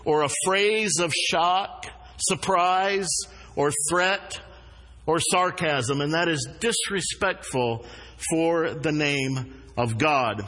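Male pastor, sermon delivery, fairly high voice for a man, earnest, leans on key words; long reverb from the church hall. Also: slow, sharp tone. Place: church sanctuary.

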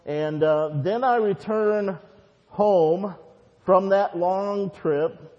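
A slightly high-voiced male pastor prays fervently and preaches in an easy, storytelling way. His voice rings out with long reverb in a church sanctuary. The recording sounds dull and muffled. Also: very slow, a little mellow. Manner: fervent repetitive prayer, then conversational storytelling. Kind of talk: prayer and sermon.

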